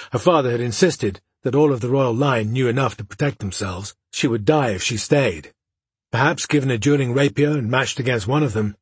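A man narrating a fantasy audiobook in a steady, even storytelling voice. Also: medium pitch, husky, no room sound.

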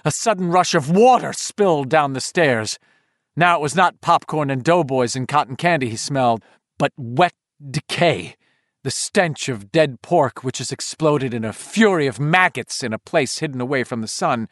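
A male narrator reads a horror story in a tense, measured voice and builds suspense with each line. His voice sits a little above the usual pitch for a man. The recording is dry and close, with no room sound. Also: animated, a bit bright, dry recording. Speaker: audiobook narrator. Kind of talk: dramatic horror audiobook narration.

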